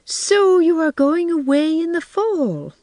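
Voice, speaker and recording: A woman's voice: medium pitch, animated, normal speed, no room sound, natural voice. A woman voicing a wistful, dreamy older unmarried woman in an audiobook, who sighs, lilts and breaks into sudden bursts of feeling. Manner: sighing, lilting, given to sudden bursts.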